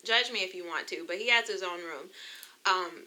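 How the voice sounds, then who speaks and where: A young American woman tells her own story in an emotional, chatty personal-testimony vlog, speaking straight to her viewers and calling them "you guys." Her voice is on the low side, bright and forceful, at a normal speed.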